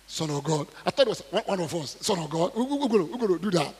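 Husky-voiced preacher in a reverberant hall. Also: male voice, sits high, quick pace. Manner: animated, jumps between quiet asides and loud acted quotes; asks the audience questions, repeats words. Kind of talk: sermon, reading and commenting on scripture.

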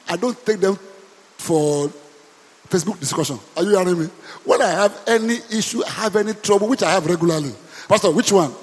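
A Nigerian-accented man preaching as a pastor, calling out to his congregation and pressing them to answer back. His voice sits high and carries a husky edge. The sound rings with the long reverb of a church hall. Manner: emphatic call-and-response preaching. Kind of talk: preaching a sermon.

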